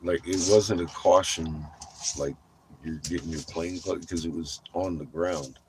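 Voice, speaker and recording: A man's voice: deep voice, fairly even intonation, measured pace, slight background noise. A middle-aged man telling a rambling, casual story, swearing freely and laughing often. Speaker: vlogger.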